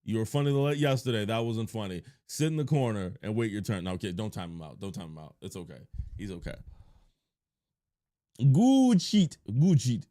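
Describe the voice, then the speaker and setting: A man with a lowish voice talks quickly while live streaming, chatting casually with his chat. He cracks crude jokes and breaks into sudden playful shouts.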